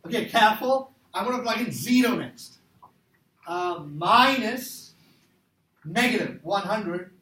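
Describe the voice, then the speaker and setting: A man lectures a math class, joking with students and quizzing them while he works through problems. His voice sits high and sounds animated, slow, pushed, and bright. The recording is distant in an echoey room, with faint noise.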